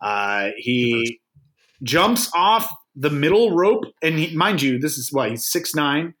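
A young man co-hosting a casual podcast chat, telling animated stories and often slipping into quoted voices. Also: a little high, slow. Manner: animated storyteller, quoting others in put-on voices. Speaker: podcast co-host.

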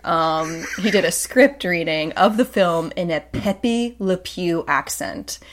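A woman with a fairly low voice co-hosts a podcast in loose, casual chat. She is jokey and chatty, and she slips into voices when she tells a story. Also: slow. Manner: chatty, jokey, acts out voices in her stories. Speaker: podcast co-host.

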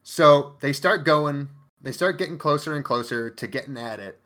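A man's voice: a little high, normal speed, a bit bright. Profane, emphatic man recapping a show. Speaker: podcast co-host. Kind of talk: casual chat recapping an anime.

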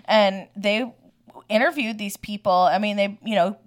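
A woman's voice: mid-range voice, measured pace. A woman co-hosting a podcast, chatting casually and reacting bluntly. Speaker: podcast co-host. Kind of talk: casual chat.

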